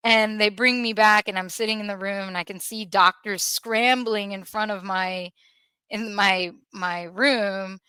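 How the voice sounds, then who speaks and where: A woman's voice: mid-range voice, unhurried, smooth, no room sound. A woman in her thirties hosting a podcast, candidly retelling a personal story and acting out what people said. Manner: candid, animated retelling with acted quotes. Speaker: podcast host.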